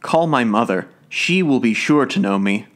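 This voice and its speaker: A desperate young lady begs to be recognized, her voice raised and near tears, as a man reading a storybook puts her on. She sounds earnest and insistent, pitched above the reader's own voice. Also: expressive, normal speed, lightly acted. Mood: pleading. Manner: pleading, tearful. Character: distressed young lady pleading with her parents.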